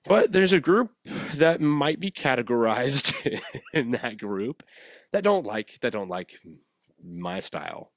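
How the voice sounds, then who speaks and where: A man's voice: mid-range voice, slow pace, noisy background. A young man hosting a podcast, telling a story in a loose, rambling way and acting out what people said. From West Coast of the USA. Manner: animated, rambling, acts out quotes. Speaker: podcast host. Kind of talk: casual storytelling.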